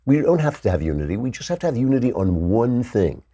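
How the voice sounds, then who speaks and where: A man's voice: mid-range voice, sing-song, fast, dark tone, slightly rough. A man hosting a political talk show, delivering a sarcastic, opinionated commentary monologue into a studio microphone. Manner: sarcastic, mocks opponents in exaggerated voices.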